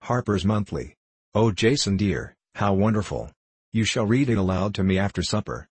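A man reading the part of an energetic, affectionate Eastern mother in a storybook. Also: lowish voice, moderate pace, slightly rough, no room sound. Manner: vigorous, affectionate.

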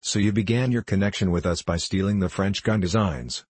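A cold, sneering middle-aged diplomat, read by a man in a very low, husky voice. He talks down sharply and cynically. The sound is close and dry. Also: fairly quick, a little mellow, no echo. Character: mocking, condescending middle-aged male diplomat.

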